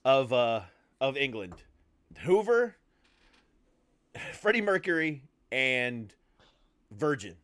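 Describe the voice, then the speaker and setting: A man's voice: mid-range voice, big pitch swings, slow, long pauses, a bit bright, no room sound. A man hosting a podcast interview, joking and laughing in casual banter with a habit of swearing. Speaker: podcast host.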